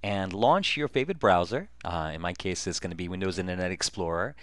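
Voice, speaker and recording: Man, low voice, dry close mic, easygoing software walkthrough narrator with filler words. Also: fairly quick, no echo. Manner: relaxed step-by-step narration with frequent fillers. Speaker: software tutorial presenter. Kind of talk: screen-recorded software walkthrough.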